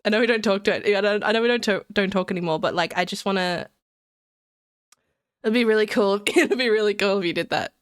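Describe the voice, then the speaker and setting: A woman streamer in casual live-stream chat, excitable and giggly, rambling and repeating herself. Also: medium pitch, a little fast, clear, resonant tone, no room sound, studio quality.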